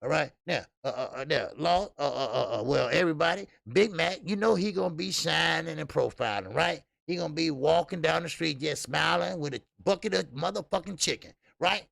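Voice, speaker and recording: Man, boxing show host, very gravelly voice, slightly high pitch, profane casual chat, dry sound. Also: animated, a little fast, few pauses, a bit bright, dry recording. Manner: loose, profane, joking, lots of filler sounds. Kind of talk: casual live-stream chat.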